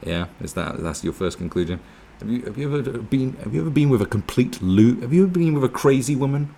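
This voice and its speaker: A man's voice: mid-range voice, expressive, fast, vocal fry, mellow. A man giving a casual, sweary, sarcastic commentary, reacting to an article with mocking asides. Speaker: political commentary vlogger.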